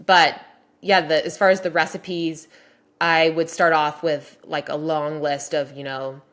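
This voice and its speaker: Low-voiced woman, upbeat cookbook author. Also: level tone, unhurried, a bit bright. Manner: enthusiastic, frequent "like" and "um" fillers. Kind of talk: casual podcast interview.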